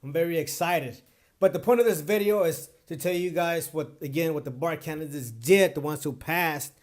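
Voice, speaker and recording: A man's voice: fairly high pitch, normal speed. A man who tutors for the bar exam, speaking straight to his viewers in an earnest, emphatic way and repeating his main points. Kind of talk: direct-to-camera talk.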